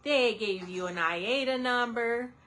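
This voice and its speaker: An independent travel agent chats casually with her live-stream viewers from indoors under a ring light, laughing a lot. She is animated and talks straight to her audience in a fairly high voice at a slow pace.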